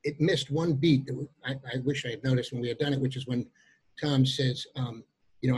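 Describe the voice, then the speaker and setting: An older man, a guest on a podcast, thoughtful and reflective in a casual chat with a husky voice. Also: medium pitch, steady tone, a little fast, a little mellow. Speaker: podcast guest, former series actor.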